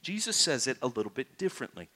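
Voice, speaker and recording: A pastor preaching to his congregation, a man with a mid-pitched voice. He talks straight to the listeners with question after question and leaps higher and louder when he stresses a point. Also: fast, husky. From United States. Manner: animated, rises sharply for emphasis and mock-prayer voices; asks the congregation direct questions. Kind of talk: sermon.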